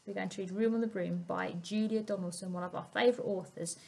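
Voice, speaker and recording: A woman storyteller reading a picture book aloud to young children, expressive and asking them questions. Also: medium pitch, quick pace, creaky. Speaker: family centre storyteller.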